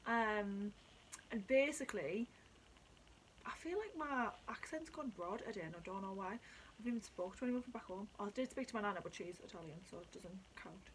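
A woman chatting excitably at home in a casual vlog, sweary and talkative. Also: medium pitch, brisk, a little hiss or hum, rough recording. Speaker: vlogger reviewing drinks. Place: at home indoors.

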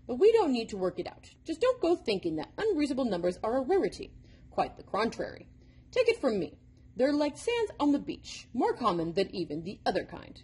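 A woman's voice: high-pitched, wildly swooping pitch, brisk, a little mellow, husky, heavily acted. A woman voicing an impish, impatient male number devil who lectures like a know-it-all, in a storybook reading. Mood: teasing.

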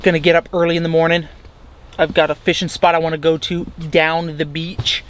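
A chatty young man tells his camera about cooking and bugs at a beach campsite, laughing often. His voice sits fairly high for a man, and a faint outdoor hush runs behind him. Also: level tone, fairly quick, a little hiss or hum. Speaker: outdoor adventure vlogger. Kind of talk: casual camp vlog narration.

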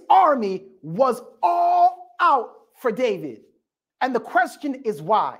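A male pastor preaching a sermon, telling the story with lively call-and-response to the congregation. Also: extremely high pitch, takes it slowly.

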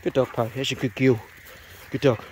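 A man's voice: medium pitch, level tone, normal speed, a little mellow, a little hiss or hum. A man, talking in a casual vlog on a rural farm, coaxing and commanding his dogs and ducks. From New Zealand. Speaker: vlogger.

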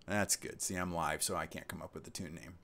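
A man's voice: low voice, steady tone, brisk, pushed and bright. A man in his sixties hosting his channel's live stream, chatting casually and reading out viewer comments with rambling asides. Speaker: channel host.

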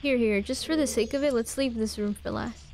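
Soft-spoken woman playing a game. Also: on the high side, a little fast, a little hiss or hum. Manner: speaks softly, half whispering in quiet parts. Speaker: gamer. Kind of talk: game commentary.

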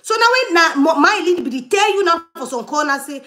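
A woman comments on a livestream in a high voice. She is animated and laughs a lot. Her tone is bright and sharp. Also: brisk. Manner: animated, laughing, switches between loud and murmured asides.

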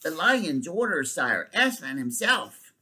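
A man voicing a small male water rat who calls back from a distance, in a husky voice. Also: on the high side, sing-song, a little slow, sharp tone, voice pushed up, exaggerated voice. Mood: shouting back. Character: busy little male water rat raftsman.

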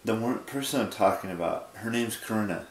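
Male vlogger, 20s, sleepy, halting and rambling, slightly low voice. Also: echoey room. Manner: rambling, halting, with many restarts. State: sleepy, yawning. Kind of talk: casual late-night vlog monologue.

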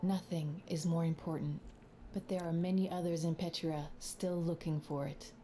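A solemn woman narrator, as an actress voices her speaks slowly. Her voice is low and mellow. Faint ambience sits underneath. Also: steady tone, a little hiss or hum, close to an everyday voice.

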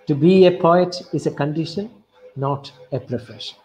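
Lecturing online about poetry, a male English professor speaks with a Kerala Indian English accent in a fairly high voice. He goes slowly and deliberately, repeats key phrases and recites lines of verse softly, all captured on a rough recording.

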